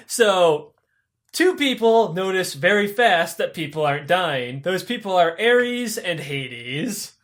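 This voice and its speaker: A podcast host tells stories for laughs, swearing constantly and rambling. His voice runs high for a man. He talks in a loose, casual way. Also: slow pace. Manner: profane, rambling, animated. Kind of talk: comedic storytelling.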